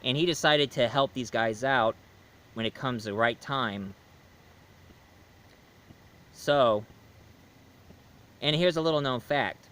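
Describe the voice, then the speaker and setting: A man's voice: mid-range voice, slow, long pauses, fairly bright tone, clear, resonant tone, low-quality recording. A man chatting through a casual video film review, rambling with many fillers and restarts. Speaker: movie reviewer.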